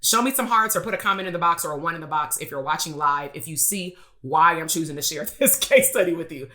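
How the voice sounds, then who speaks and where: With a deep yet bright and forceful voice, a woman business coach talks fast through a motivational live stream. She relies on a blunt, streetwise story and rhetorical questions to make her points land.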